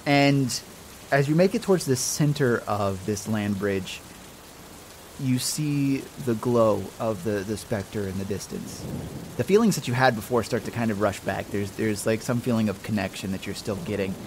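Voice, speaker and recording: A man narrating a tabletop role-playing game as game master, slow and descriptive with frequent restarts. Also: lowish voice, a little hiss or hum.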